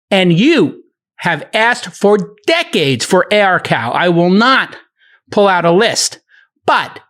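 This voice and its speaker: Animated, ranting male podcast host. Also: high-pitched. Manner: ranting, profane, emphatic. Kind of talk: heated podcast argument.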